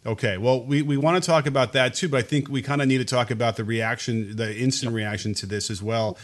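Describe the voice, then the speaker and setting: A man's voice: mid-range voice, steady tone, brisk. A man co-hosting a political podcast, reading statements aloud and commenting wryly, often stumbling over his words and searching for them. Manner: hesitant, many fillers and restarts, wry. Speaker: podcast co-host.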